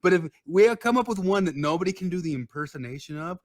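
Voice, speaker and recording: Male podcast co-host, lively riffing on bits, voice sits a little high. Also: fast, no echo, studio quality. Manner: animated, riffs on comedy bits. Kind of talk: casual group chat.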